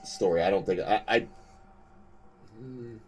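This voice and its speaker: Rambling, enthusiastic low-voiced man. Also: unhurried, darkish tone, faint music behind. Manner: rambling and enthusiastic, laughs often. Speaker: podcast co-host. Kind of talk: casual chat.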